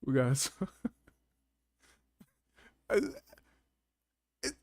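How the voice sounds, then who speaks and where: A man's voice: extremely slow, dry recording, clean studio sound. A man hosting a casual live panel chat, laughing often and talking in loose, slangy banter. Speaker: panel host.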